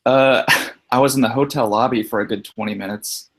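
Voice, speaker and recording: A man's voice: mid-range voice, brisk, husky. A man on a casual live video call, speaking in an easygoing, somewhat hesitant way.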